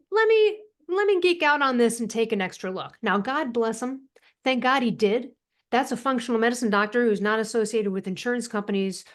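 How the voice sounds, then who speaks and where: A woman guest on a podcast interview, talking in an animated, emphatic way and laughing often. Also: fairly high pitch. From United States. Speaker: author and thyroid coach, guest.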